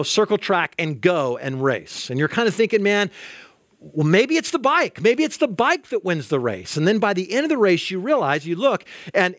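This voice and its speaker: A male pastor preaching a sermon in an animated way, acting out quoted voices and often repeating words as he starts a sentence. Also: high voice, no echo, studio quality.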